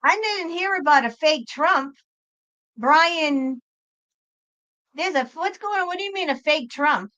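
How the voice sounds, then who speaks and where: High, bright-voiced swearing woman. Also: muffled recording. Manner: profane, exasperated ranting; talks back to chat viewers. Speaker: psychic livestream host. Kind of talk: livestream chat.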